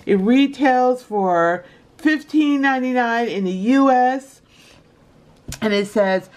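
A woman chatting casually in a shopping haul video, calling her viewers y'all and often breaking into high laughter. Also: takes it slowly, darkish tone. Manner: chatty and giggly, addresses viewers as y'all and you guys. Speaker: vlogger showing a shopping haul.

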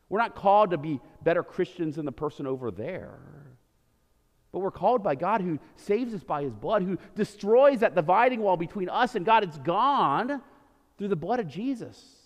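A man preaching a sermon as pastor, animated, swinging from loud emphasis to quiet, low lines. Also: moderate pace. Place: church sanctuary. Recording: reverberant church hall.

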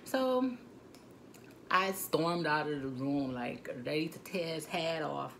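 A young woman with a Turks and Caicos Islands accent tells a story on a phone mic, animated and indignant, with many asides. Her voice is low and gravelly, with fry. A faint hiss sits behind her. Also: takes it slowly. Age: 20s. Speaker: vlogger. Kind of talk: storytime vlog. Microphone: phone camera mic.

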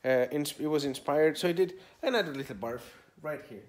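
A man's voice: on the high side, fairly quick. A man casually narrating his own vlog like a mock tour guide, talking in a put-on accent he can't place. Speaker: comedian vlogger.

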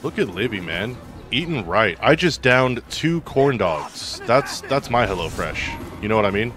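A man's voice: mid-range voice, sing-song, a little slow, a bit bright. A man streaming a video game, chatting casually, joking and reading out viewer messages as he plays. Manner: joking, chatty, reacts aloud to the game and reads out chat. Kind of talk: casual gameplay commentary. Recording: game music playing underneath.

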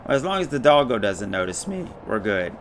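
A man's voice: mid-range voice, big pitch swings, brisk, a little hiss or hum. A man giving casual commentary while playing a game, swearing often and yelping when startled. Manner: swears a lot, yelps and shouts when startled. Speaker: game streamer.

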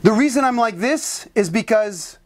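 A woman's voice: on the high side, expressive, normal speed, darkish tone. A woman Bible teacher preaching in a fiery, indignant and sarcastic way.

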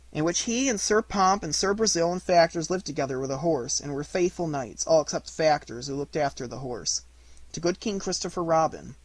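A man reading a children's storybook aloud, gentle and measured in delivery. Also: fairly high pitch, no room sound. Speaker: audiobook reader. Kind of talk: storybook narration.

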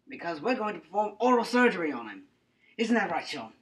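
A woman's voice: mid-range voice, very animated, fast. Rambling young woman hosting a skit. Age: young adult. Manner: rambling, mock-serious, playful asides. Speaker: student presenter in a comedy skit. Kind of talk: comedic mock-scientific skit.

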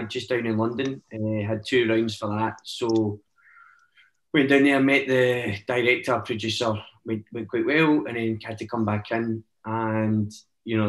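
A man's voice: fairly low pitch, level tone, moderate pace, echoey room, rough recording. A Scottish man chatting as a guest actor, telling stories in a rambling way with lots of "eh" fillers. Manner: rambling storytelling, many "eh" fillers. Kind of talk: casual chat.

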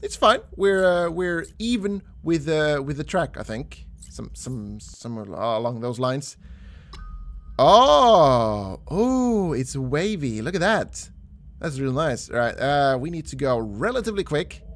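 A young man talks through his mini golf game at his desk mic, narrating each shot to his viewers. His voice sits a touch high and moves all over the place, and he gasps and shouts when a shot lands or misses. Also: a little slow, slight background noise. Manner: excitable, gasping and shouting at shots. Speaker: gaming YouTuber. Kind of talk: let's play commentary.

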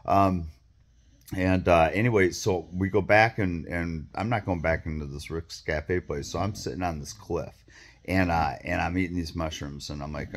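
Deep-voiced man telling a rambling story. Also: fairly even intonation, normal speed. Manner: rambling, profane, lots of fillers and restarts. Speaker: vlogger.

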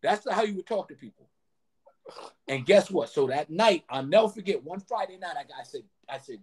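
A man who used to work as a nightclub bouncer, telling an animated story in a podcast interview and often adding "man". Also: fairly high pitch, brisk, husky.

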